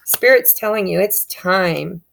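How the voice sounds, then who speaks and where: A woman's voice: medium pitch, measured pace, vocal fry, fairly bright tone, a little hiss or hum. A woman giving a casual tarot reading, speaking straight to her viewers in an upbeat, encouraging way. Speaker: tarot reader.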